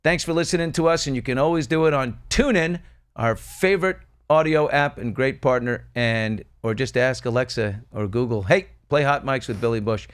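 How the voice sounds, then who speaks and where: A middle-aged man hosting a casual talk show, bantering and telling a joke with loud put-on voices. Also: medium pitch. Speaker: host.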